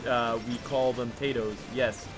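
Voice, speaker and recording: A co-host on a game stream talks at a middling pitch, rambling and laughing through the jokes. Game music plays clearly behind. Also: fairly even intonation, unhurried. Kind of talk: casual group chat during a game stream.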